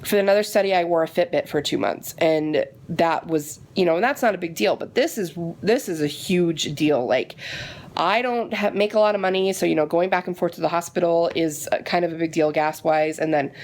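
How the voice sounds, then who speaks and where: Chatty woman, low-pitched voice. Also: a little fast. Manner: chatty, animated retelling with frustration. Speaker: vlogger. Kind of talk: casual vlog chat.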